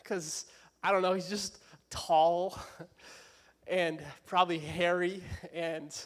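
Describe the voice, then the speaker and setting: A young man with a notably high voice delivers a relaxed youth sermon in a church. He keeps it light, casual and self-deprecating, with plenty of jokes. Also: slow pace. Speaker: preacher.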